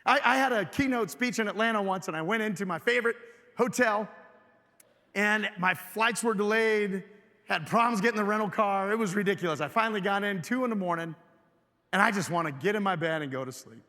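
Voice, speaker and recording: A man's voice: sits high, brisk, pushed and bright. A man giving a live keynote speech in a large hall, energetically asking the audience questions and getting them to join in. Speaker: keynote speaker. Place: large hotel event hall. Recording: reverberant hall.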